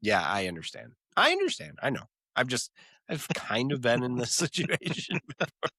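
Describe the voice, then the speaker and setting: Animated man retelling scenes on a podcast. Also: medium pitch, moderate pace, husky, dry recording, clean studio sound. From Upper Midwest of the US. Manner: animated retelling, jumping into character voices. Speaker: podcast co-host. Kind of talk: casual podcast chat.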